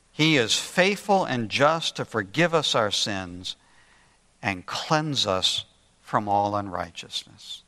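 An older man preaching a sermon, telling a story earnestly with slow, deliberate emphasis. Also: medium pitch, pushed and bright. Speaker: pastor. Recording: long reverb in a large hall.

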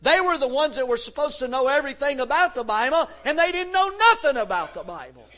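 High-voiced fervent man preaching. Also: sing-song, a little fast. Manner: fervent preaching with shouted peaks. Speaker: pastor. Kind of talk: sermon.

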